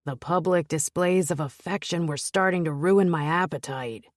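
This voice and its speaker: A woman narrator voicing a gruff, teasing older father-in-law with dry humor. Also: on the low side, moderate pace, dry recording, close to an everyday voice. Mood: deadpan. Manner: dry, joking.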